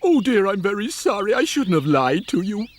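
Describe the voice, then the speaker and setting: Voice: medium pitch, very animated, normal speed. An actor voicing an earnest, apologetic clever little creature in a dubbed cartoon. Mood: sorry.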